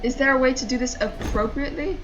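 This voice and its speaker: A woman's voice: sits high, fast talker, lo-fi sound, music in the background. A woman streaming a game, talking to herself and her chat in frustrated, swearing casual commentary. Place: home streaming setup.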